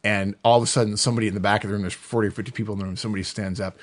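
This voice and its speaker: Fast-talking animated middle-aged man. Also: lowish voice. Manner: fast, animated, frequent laughter. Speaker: podcast co-host. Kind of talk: animated casual chat.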